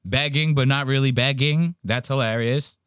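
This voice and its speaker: A man's voice: mid-range voice, fairly even intonation, moderate pace, fairly bright tone, clear, resonant tone, dry recording, clean studio sound. A man hosting a podcast, reacting to clips in a casual, profane, wry way. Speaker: podcast host.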